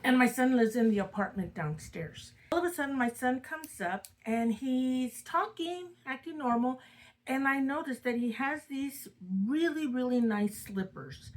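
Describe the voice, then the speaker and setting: A woman's voice: high-pitched, measured pace, low-quality recording. Chatty older woman telling a ghost story. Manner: chatty, dramatic retelling with rising excitement. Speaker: storyteller host. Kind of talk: casual spoken ghost story.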